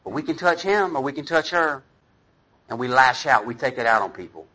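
A man's voice: mid-range voice, expressive, brisk, bright, forceful tone, low-quality recording. A middle-aged man, a pastor, preaching a sermon in a conversational, self-deprecating way, with asides to the congregation.

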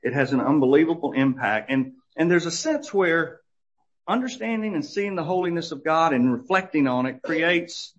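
A man's voice: fairly high pitch, big pitch swings, normal speed. A middle-aged man giving a conversational Bible teaching as a church teacher, telling stories with many fillers and restarts. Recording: dull lo-fi recording.

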